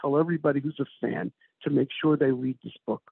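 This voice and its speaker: Husky-voiced man on a tinny remote line. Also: mid-range voice, steady tone, fast talker, no room sound. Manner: rambling storyteller with many uh fillers. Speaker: author, guest. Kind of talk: conversational interview storytelling. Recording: tinny phone-like remote call.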